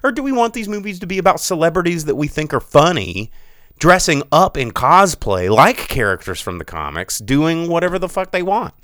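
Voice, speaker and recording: A man with a smooth, resonant voice talks into a close mic, with no room sound around him. He hosts a podcast, rambles in an animated way and jumps into sarcastic mock voices. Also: a little high, brisk, no room sound. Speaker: podcast host. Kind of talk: casual movie discussion.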